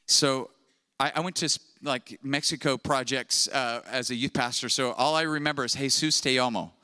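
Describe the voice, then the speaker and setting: Bright, lively man preaching a sermon. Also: mid-range voice, normal speed, clear, resonant tone, no room sound. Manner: animated storytelling, acting out dialogue. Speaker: pastor.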